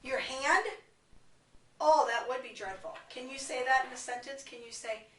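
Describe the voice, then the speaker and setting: A woman teaching a kindergarten lesson, talking slowly and clearly to small children as she reads a story aloud in a classroom. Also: high-pitched, a little hiss or hum. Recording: echoey classroom, far from the camera mic.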